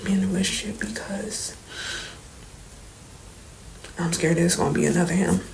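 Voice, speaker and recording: A young woman, speaking softly and shakily in an emotional storytime confession, holding back tears and sometimes dropping to near whispers. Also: fairly low pitch, moderate pace, vocal fry, slight background noise, low-quality recording. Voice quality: soft, trembling at times, drops to near whispers. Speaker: vlogger. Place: indoors, late at night.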